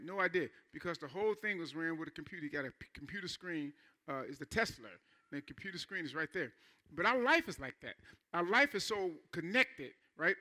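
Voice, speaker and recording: High, bright-toned conversational preacher man. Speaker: pastor. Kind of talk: sermon.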